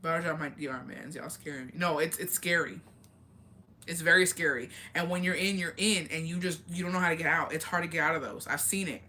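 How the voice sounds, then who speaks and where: A woman's voice: deep voice, brisk, pushed and bright, slight background noise. A woman hosting a casual live stream, talking bluntly and profanely while reading and answering viewer comments. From Mexican heritage. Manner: blunt, profane, chatty, reads comments aloud.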